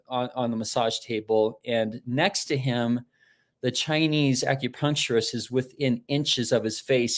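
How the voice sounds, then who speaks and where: Animated, chatty male motivational speaker. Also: mid-range voice. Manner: animated storytelling, acting out quoted voices; conversational with frequent restarts. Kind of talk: live-streamed motivational talk.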